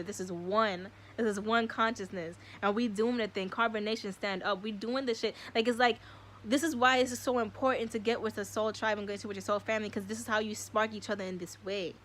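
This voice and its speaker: A young woman hosting a spiritual live stream, speaking in an excitable, slangy way and swearing often. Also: mid-range voice, a little hiss or hum.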